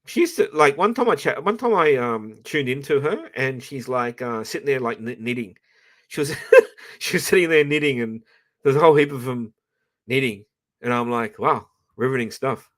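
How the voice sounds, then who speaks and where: A man's voice: medium pitch, expressive, moderate pace. Guy rambling on his stream, swears a lot, keeps restarting sentences, good mic. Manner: rambling, profane, chatty with many restarts. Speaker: livestream host. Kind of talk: rambling live-stream chat. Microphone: professional microphone.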